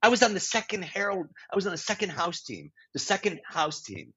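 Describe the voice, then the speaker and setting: A man's voice: high-pitched, very animated, a little fast, sharp tone, husky. A man in his sixties, a guest improviser and teacher, telling stories in an interview with frequent restarts, self-corrections and blunt asides. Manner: blunt, occasional swearing. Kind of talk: storytelling interview talk. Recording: dull lo-fi audio.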